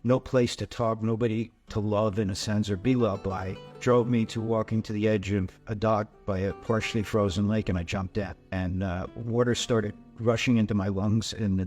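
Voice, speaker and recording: An older man with a somewhat low voice tells his own life story as testimony. He speaks haltingly, stumbling and repeating words as he works through hard memories, while soft music plays faintly underneath. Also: steady tone. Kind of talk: personal testimony.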